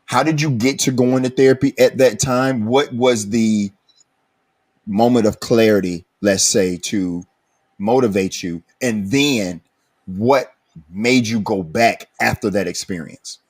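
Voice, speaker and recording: Male podcast host, low voice, earnest and reflective. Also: a little mellow. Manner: earnest, reflective, speaks slowly at times. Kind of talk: recovery podcast interview.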